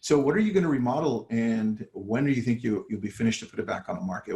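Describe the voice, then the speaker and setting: A man's voice: mid-range voice, quick pace, vocal fry, a little mellow, roomy sound. A man coaching real estate agents in a casual live talk, acting out his phone calls with sellers. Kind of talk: live online training talk.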